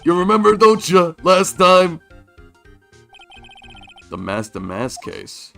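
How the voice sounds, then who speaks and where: A man voicing an excitable, lovestruck young male artist in a video game, loud and eager. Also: high voice, slow pace, creaky, soft background music, pitched above the performer's own voice, full character voice. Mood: excited.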